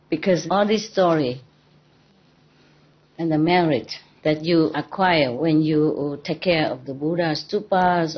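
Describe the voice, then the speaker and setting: A woman spiritual teacher giving an informal dharma talk to a gathering, playful and teasing, often laughing. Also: sits low. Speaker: spiritual teacher addressing disciples. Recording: dull lo-fi recording.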